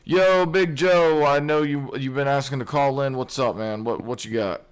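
A man's voice: mid-range voice, normal speed, clean tone. Laid-back man hosting a call-in stream. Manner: laid-back, mumbling fillers, egging on. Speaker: stream host. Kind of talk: casual live stream chat.

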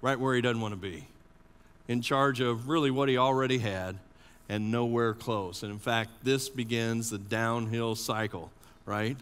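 A man preaching a sermon as an associate pastor, animated and often asking the congregation questions. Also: medium pitch, unhurried, smooth. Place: church sanctuary. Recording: long church reverb.

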